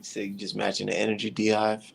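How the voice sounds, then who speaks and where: Gravelly low-voiced man teasing his co-host. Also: monotone, a little fast, rough recording. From Minnesota. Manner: teasing, laid-back slang. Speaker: stream co-host. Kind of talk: casual banter.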